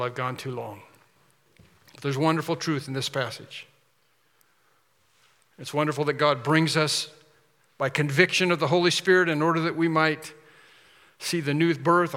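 A man preaching a sermon, telling a story in an animated way and then closing earnestly toward prayer. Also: a little high, long reverb tail. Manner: animated storytelling, shifts to soft earnest close.

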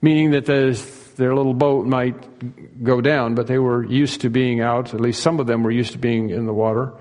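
A man's voice: mid-range voice, a little mellow. A man preaching an expository sermon in earnest tones, repeating key phrases for emphasis. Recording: long reverb of a large hall.

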